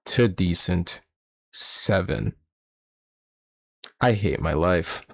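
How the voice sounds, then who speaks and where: This young man's voice sits low yet is a bit bright, expressive, with drawn-out words, vocal fry, and frequent pauses. He's streaming a reaction to a manga chapter, talking casually to chat, swearing and exasperated.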